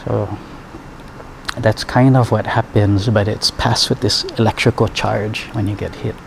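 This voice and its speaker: A man's voice: lowish voice, fairly even intonation, measured pace, vocal fry, slight background noise. A man, a martial arts teacher and healer, telling stories in a rambling, chuckling way full of fillers. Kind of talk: conversational storytelling.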